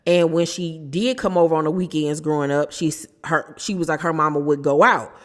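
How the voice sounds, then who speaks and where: A middle-aged woman hosting a casual reality TV recap, animated and opinionated, quoting people in quick bursts. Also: low voice, long reverb tail.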